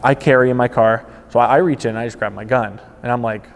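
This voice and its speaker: A man and former car salesman telling a personal anecdote in a casual, animated way, acting out the people he quotes. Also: mid-range voice, fast talker, long reverb tail.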